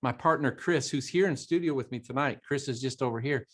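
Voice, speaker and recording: A man's voice: medium pitch, a little fast, fairly bright tone. A man co-hosting a motivational talk show, speaking emphatically, quoting scripture and repeating phrases for emphasis. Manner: emphatic, preachy, quotes scripture.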